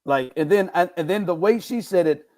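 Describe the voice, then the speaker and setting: A man's voice: high-pitched, a little fast. A man hosting a casual sports podcast, telling stories with playful mock indignation. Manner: animated storytelling, playful indignation. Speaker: podcast host.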